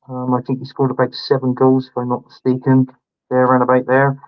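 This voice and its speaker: A man's voice: mid-range voice, completely flat delivery, fast, highs cut off. A man chatting casually about football, hesitant with many fillers. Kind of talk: casual chat.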